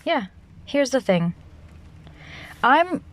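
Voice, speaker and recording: A young woman talks alone into the mic for her podcast, loud and animated, her voice sitting at an ordinary middle pitch. She rambles and restarts her sentences, often laughing at her own thoughts. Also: a little slow. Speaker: podcast host. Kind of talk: casual solo monologue.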